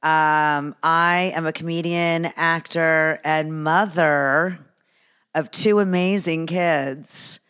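A woman's voice: sits low, fairly even intonation, takes it slowly, fairly bright tone, clean tone. A woman in her fifties hosting a casual podcast with her daughter, playful and laughing often. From United States. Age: 50s. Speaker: podcast host, comedian. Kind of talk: casual chat.

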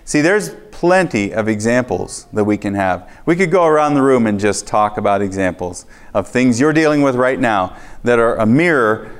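A man preaching a sermon, telling a personal testimony in a lively storytelling way and acting out his own reactions. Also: medium pitch, moderate pace, few pauses, clear, resonant tone.

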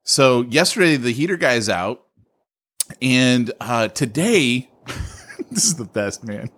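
A man co-hosting a podcast, telling a story about himself with a self-mocking laugh. His voice is mid-pitched, and his intonation rises and falls a lot as the story goes on. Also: big pitch swings, takes it slowly, fairly bright tone. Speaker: podcast co-host.

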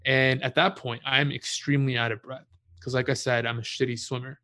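Young man, bright tone, casual storyteller, relaxed and profane, laughs at himself. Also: medium pitch, fairly quick. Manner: relaxed, swears freely, laughs at his own story. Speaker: guest telling a story.

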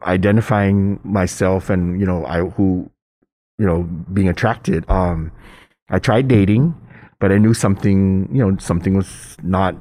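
A middle-aged man telling a personal story in casual chat, hesitant with restarts, then animated as he acts out voices. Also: a little slow. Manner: animated storyteller, acts out quoted voices with high pitch jumps; hesitant, many restarts and fillers.

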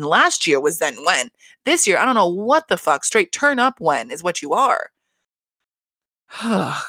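Low-voiced woman ranting casually, swearing freely. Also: creaky, fairly bright tone, no echo. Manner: blunt, swears constantly, exasperated rants. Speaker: reality TV recap host. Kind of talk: casual profane recap chat.

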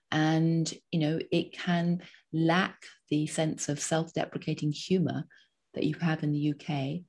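Low husky woman in her fifties. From Britain. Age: 50s. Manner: animated, frequent ums, talks in short listed phrases. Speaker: guest. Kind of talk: conversational interview.

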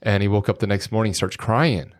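A man's voice: on the low side, steady tone, fairly quick. A middle-aged man, a podcast guest, telling rambling, folksy anecdotes full of quoted dialogue in a casual way. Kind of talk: casual storytelling.

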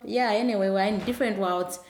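Woman, animated and earnest, casual chat, roomy echo. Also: medium pitch, brisk, slight background noise. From Malawi. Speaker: charity worker guest. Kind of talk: casual conversation.

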